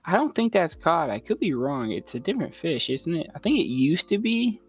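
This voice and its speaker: A man's voice: a little high, very animated, moderate pace, slightly rough. A man co-hosting a casual podcast chat, wry and rambling, with mild swearing. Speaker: podcast co-host. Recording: slightly dull lo-fi sound with faint music.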